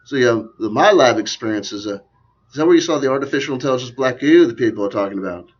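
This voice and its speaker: A man's voice: medium pitch, expressive, quick pace, close to an everyday voice. A man putting on a poor, off-region accent to mock an older male interviewer asking leading questions, in a dull lo-fi recording. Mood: leading, probing.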